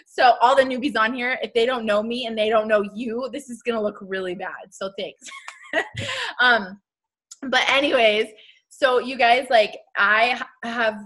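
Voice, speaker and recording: A young woman talks to her sales team on a casual live stream, chatty and upbeat with frequent laughs. Her voice is bright and a little high. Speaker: team leader hosting a live video.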